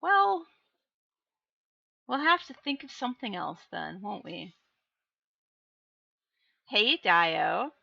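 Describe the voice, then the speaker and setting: A woman's voice: medium pitch, lively intonation, gravelly, bright, forceful tone, no room sound, lo-fi sound. A woman with a Minnesotan accent, chatting casually on a live stream, reading chat messages aloud in a playful, teasing way. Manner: playful, teasing, drawn-out delivery.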